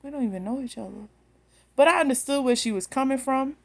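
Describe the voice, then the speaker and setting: A woman's voice: high-pitched, fast talker. A woman, telling a story bluntly and with animation straight to her phone camera. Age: 30s. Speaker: vlogger.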